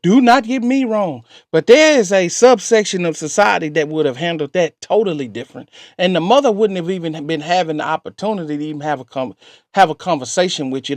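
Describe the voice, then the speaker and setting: A man reacts to a story on his channel. He exclaims, jokes and talks back to it with a lot of energy. His voice sounds close and dry, with no room echo. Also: fairly high pitch. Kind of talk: animated reaction commentary.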